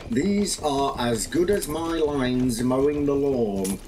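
A man's voice: medium pitch, lively intonation, slow pace, darkish tone, a little hiss or hum. A man casually commenting as he plays a game, rambling and narrating his own moves. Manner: rambling, self-narrating play. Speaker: gaming video host.

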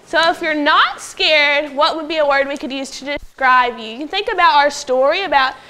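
A woman teaching a phonics lesson to young pupils in a classroom, patiently prompting them and sounding out words slowly. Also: high-pitched, pushed and bright. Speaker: elementary school teacher.

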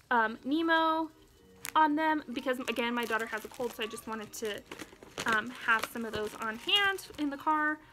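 Young mom vlogger, high voice, a bit breathless, chatty, noisy home recording. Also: female voice, sharp tone. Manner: chatty, keeps breaking off to talk to her toddler. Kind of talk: casual show-and-tell chat. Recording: home video with background noise.

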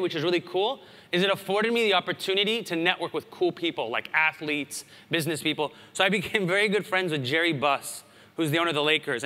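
A man in his thirties, from the United States, giving a conference keynote in an animated storytelling way with asides. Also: on the high side. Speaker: conference speaker. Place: large conference hall. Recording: hall reverb.

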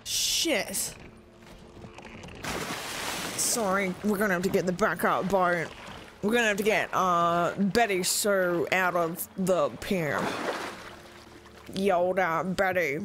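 A woman's voice: fairly low pitch, slow, pauses often, noisy background. A woman streaming a video game, joking, swearing freely and laughing often. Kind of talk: live gameplay commentary.

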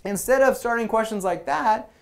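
A man giving a presentation at a meetup. He talks to the audience in a conversational, energetic way and acts out quoted lines. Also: high-pitched, moderate pace, vocal fry. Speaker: product management speaker.

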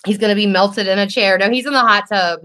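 A young woman hosting a casual makeup livestream, reading viewer comments aloud and talking in a warm, teary, laughing way. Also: medium pitch, fast talker. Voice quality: emotional, teary and laughing, says y'all.

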